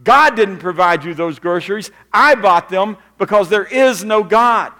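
A male preacher voicing a mocking grown man, louder and higher than his own voice. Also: lively intonation, measured pace, full character voice. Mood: gloating. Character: mocking adult male atheist neighbor. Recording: long reverb of a church hall.

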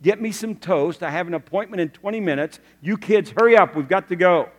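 A man voicing an impatient father who barks hurried orders at his family. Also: high-pitched, big-room sound. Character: impatient, demanding father at breakfast.

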